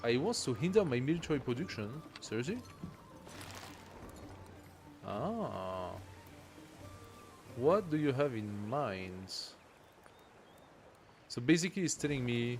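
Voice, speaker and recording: A man's voice: mid-range voice, sing-song, slow pace, long pauses, faint music behind. A man streaming a strategy game, thinking aloud and reading game text as he plays. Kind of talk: casual live gameplay commentary.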